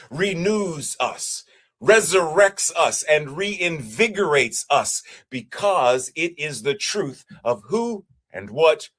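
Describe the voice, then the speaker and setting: A man preaching as a minister, with a measured, repetitive cadence. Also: a little high, a bit bright, slightly rough. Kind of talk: sermon.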